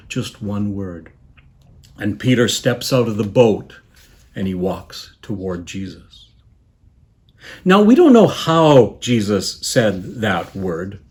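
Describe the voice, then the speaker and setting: A bishop delivers a sermon in a measured, reflective manner, pausing often and letting his phrases soften and trail away. His voice is mid-range.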